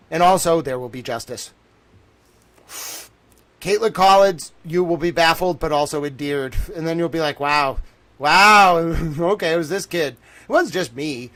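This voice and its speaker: A man streaming a casual rant, swinging between low mutters and near-shouting, often breaking into laughter. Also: normal speed.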